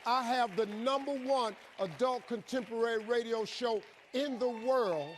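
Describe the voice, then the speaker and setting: Male motivational storyteller, high-pitched and animated. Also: a little slow, few pauses, some chatter behind, slight background noise. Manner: animated, colloquial, acts out dialogue. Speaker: motivational speaker. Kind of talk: storytelling speech.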